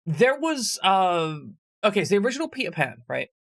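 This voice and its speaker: Male streamer, fairly high gravelly voice, dry close mic, rambling jokey chat. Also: big pitch swings, moderate pace, a bit bright, no echo. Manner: rambling, jokey, swears freely. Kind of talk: casual chat with stream viewers.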